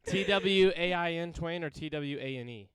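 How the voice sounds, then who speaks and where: Joking man with a high-ish voice. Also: normal speed, fairly bright tone, smooth, no room sound, studio quality. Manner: joking, drops into mock voices. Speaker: podcast host. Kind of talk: casual podcast chat.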